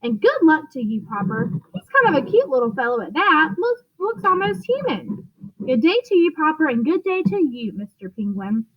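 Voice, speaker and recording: A woman's voice: sits high, sing-song, normal speed, dull audio. A woman reading aloud, voicing a puzzled, easygoing male policeman in a storybook.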